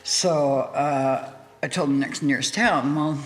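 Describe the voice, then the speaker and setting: A woman's voice: low-pitched, takes it slowly. Woman guest telling a story, laughs a lot, does the voices, roomy hall sound w/ faint music. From United States. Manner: animated, laughing storyteller who acts out quotes. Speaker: interview guest. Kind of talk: casual storytelling in an interview.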